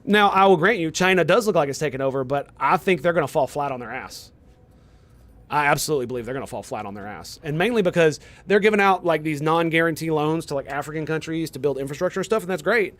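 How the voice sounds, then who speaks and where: A young male streamer in casual chat with viewers, getting worked up and profane as he argues. His voice sits a little higher than most men's. He keeps firing rhetorical questions back at the chat. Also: quick pace, fairly bright tone. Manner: heated, profane ranting at chat; argumentative, fires rhetorical questions. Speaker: game streamer.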